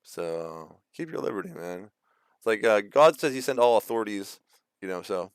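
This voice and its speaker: Rambling man with a smooth, dry voice. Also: fairly low pitch, animated, normal speed, dry recording. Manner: rambling, with many fillers and restarts; acts out quoted voices mockingly. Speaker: video host. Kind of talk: casual ranting monologue.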